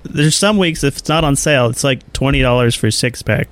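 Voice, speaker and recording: A man's voice: medium pitch, a little fast, fairly bright tone. A man co-hosting a podcast, chatting casually and dropping dry jokes. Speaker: podcast co-host. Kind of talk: casual chat.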